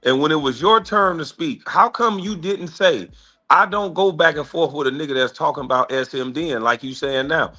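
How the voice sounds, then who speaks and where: A man hosting an online panel presses his guest with the same pointed questions again and again. His tone is bright and sharp, and he builds each point with insistence. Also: a little high, normal speed. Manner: pressing, interrogating. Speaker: panel host. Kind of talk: heated argument.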